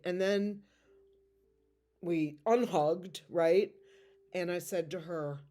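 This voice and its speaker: Tearful low-voiced woman, slow and halting. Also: mellow. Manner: halting, emotional, near tears. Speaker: tarot reader. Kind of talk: casual storytelling to viewers.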